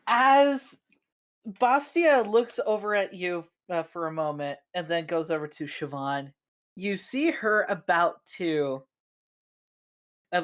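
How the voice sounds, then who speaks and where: Slow, low-voiced woman running the game. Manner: slow, halting narration with fillers. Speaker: dungeon master. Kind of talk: narrating a tabletop game.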